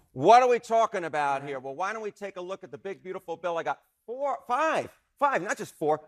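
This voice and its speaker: A man presenting poll numbers as a commentator, emphatic and repetitive for effect. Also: sits high. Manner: emphatic, repeats words for effect. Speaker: news commentator. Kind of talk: energetic poll analysis segment.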